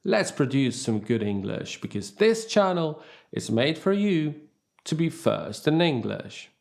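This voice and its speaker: A man teaching English vocabulary in a scripted lesson, reading example sentences slowly and deliberately. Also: on the high side, gravelly. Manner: slow, deliberate, lively intonation.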